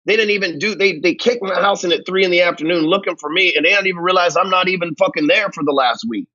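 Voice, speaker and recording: A man's voice: sits high, fast, bright, forceful tone, dull audio. A man from North Texas, telling his own story in a blunt, angry, profane monologue as a sales coach. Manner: blunt, angry, swears constantly.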